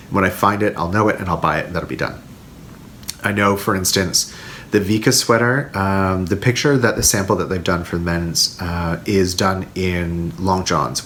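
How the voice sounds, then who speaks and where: A man's voice: low-pitched, fairly bright tone, slight background noise. A man hosting a knitting video podcast, chatting casually to camera and rambling with frequent fillers.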